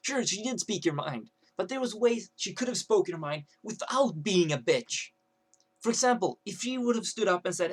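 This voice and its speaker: A man's voice: high-pitched, animated, brisk, a bit bright, husky. A young man ranting to camera as a vlogger, rambling with many fillers and restarts.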